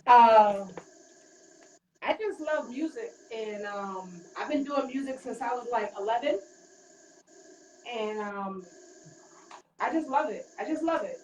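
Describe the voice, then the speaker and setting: A woman rapper from Queens, New York, chatting casually in an interview with a relaxed, rambling manner and many fillers. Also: on the high side, takes it slowly, pauses often. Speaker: rapper guest. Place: hotel room while getting ready. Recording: roomy, distant, faint background noise.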